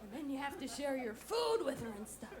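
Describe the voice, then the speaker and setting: A woman comedian performing a stand-up set with deadpan punchlines and bits of song, on a 1980s club recording. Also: high voice, brisk, background noise. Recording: 1980s VHS club recording with music and crowd. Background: audience laughter and music.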